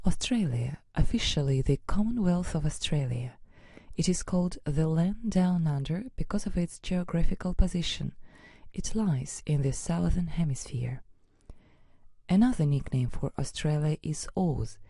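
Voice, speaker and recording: Low, mellow woman narrating a lesson. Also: normal speed, breathy edge, dry recording. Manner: steady, explanatory reading. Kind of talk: scripted educational narration.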